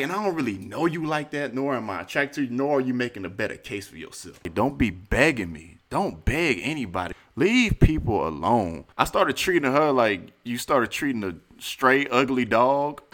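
Animated profane man telling stories. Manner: animated, profane, acts out quotes in high voices. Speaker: podcast host. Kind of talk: casual storytelling monologue.

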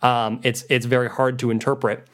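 A man's voice: medium pitch, level tone, normal speed, fairly bright tone. A man co-hosting a podcast, chatting eagerly about guitar tones and bands, laughing easily. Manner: enthusiastic guitar nerd, easy laughs. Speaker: podcast co-host. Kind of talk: casual music discussion.

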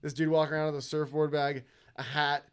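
A man's voice: a little high, little pitch movement, fairly quick, smooth. A young man from Northern California telling easygoing stories in a casual chat. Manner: easygoing storyteller, laughs between lines. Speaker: conversation participant.

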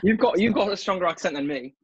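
Young male guest, relaxed and rambling, slightly muffled call audio. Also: high-pitched, fast talker, slight background noise. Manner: laid-back, rambling, says "mate" a lot. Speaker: podcast guest. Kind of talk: casual podcast chat over a video call.

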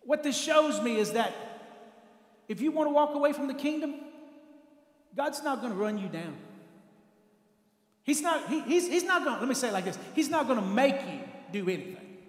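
High-voiced preacher in an echoey hall. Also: male voice, lively intonation, normal speed, long pauses. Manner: swings from soft murmurs to shouted exhortation. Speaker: pastor. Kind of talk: sermon. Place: church sanctuary. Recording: echoey hall, long reverb.

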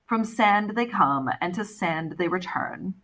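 A woman's voice: lowish voice, animated, measured pace, a bit bright. Woman voicing a purring, teasing cat goddess. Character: sly playful cat goddess in woman form. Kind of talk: audiobook character voice.

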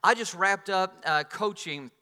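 Animated high-voiced male preacher in a hall. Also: a little slow, clean tone. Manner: animated storytelling, swings between loud and soft. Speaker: pastor. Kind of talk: sermon.

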